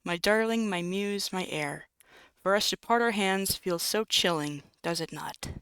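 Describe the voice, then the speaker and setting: Narrator doing a yearning lover, flowery, tender, clear crisp tone. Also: medium pitch, unhurried, fairly bright tone, dry recording. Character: lovestruck romantic dreamer, tender and clingy.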